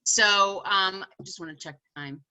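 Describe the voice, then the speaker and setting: A woman author and educator, a guest telling an animated, emphatic story in casual conversation. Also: medium pitch, a little slow, smooth, poor audio.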